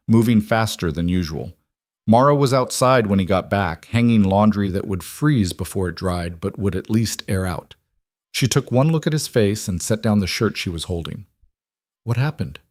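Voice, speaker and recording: A man narrating a scripted story in a measured, even storytelling manner. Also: on the low side, no room sound, clean studio sound.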